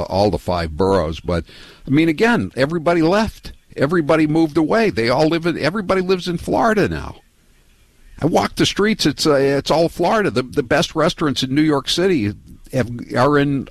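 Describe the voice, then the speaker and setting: A male talk radio host with a lively, swooping delivery who rambles, stumbles and restarts his sentences as he goes. His voice sits in a middle register and sounds close and dry at the studio microphone, with no room around it. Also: mid-range voice, no room sound. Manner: animated, rambling, repeats and restarts words. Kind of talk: political call-in talk radio.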